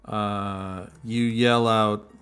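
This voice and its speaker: Deadpan man in mid pitch. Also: drawn-out words, clean tone, soft background music. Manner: dry, deadpan jokes and narration. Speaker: podcast co-host and story narrator. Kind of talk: casual improvised storytelling chat.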